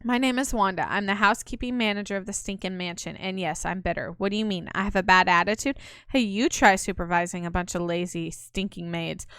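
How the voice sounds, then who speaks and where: A woman's voice: mid-range voice, fairly even intonation, brisk, a bit bright, smooth, no room sound, studio quality, natural voice. A woman voicing a bitter, sour-tempered housekeeping manager who grumbles about her job.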